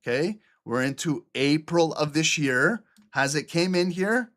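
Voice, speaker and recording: A man from Albania teaching a live trading lesson over a screen share, animated and talkative, repeating "okay?" and "look" and swearing now and then. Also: a little high, a little slow. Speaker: trading instructor.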